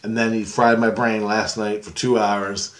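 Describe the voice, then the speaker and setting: A man's voice: lowish voice, flat delivery, normal speed. A man telling a rambling story to camera in a casual way, laughing often and losing his thread. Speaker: vlogger.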